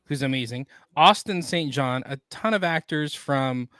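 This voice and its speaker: A man's voice: mid-range voice, a little slow, bright, forceful tone, smooth, dry recording, studio quality. A man co-hosting a pop-culture podcast, sounding hyped and upbeat. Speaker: podcast co-host. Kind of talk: casual chat.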